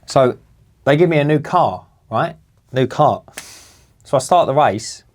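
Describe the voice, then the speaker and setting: Man, podcast co-host, animated sweary storyteller. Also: mid-range voice, measured pace. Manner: animated, swearing, acts out other people's voices. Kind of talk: casual storytelling.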